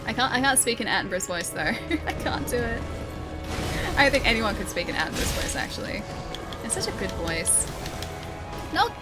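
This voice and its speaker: A woman's voice: fairly high pitch, very animated, brisk, long pauses, poor audio. Giggly woman streamer over game music. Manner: chatty, giggly, talks to chat while playing. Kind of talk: casual gameplay commentary. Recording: game music playing behind.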